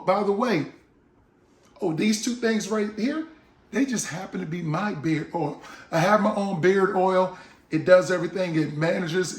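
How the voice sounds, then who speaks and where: A man whose voice sits high and sounds reverberant chats casually to camera about his own beard oil. The vlog is jokey, and he acts out little scenes during the product talk.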